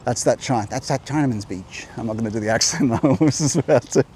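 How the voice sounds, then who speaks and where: Man, average pitch, musing walk-and-talk monologue, clip-on mic outdoors, slight background ambience. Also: fast talker, darkish tone, a little hiss or hum. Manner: rambling, musing, self-interrupting. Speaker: host. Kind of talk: walking vlog monologue. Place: outdoor coastal walk by a beach.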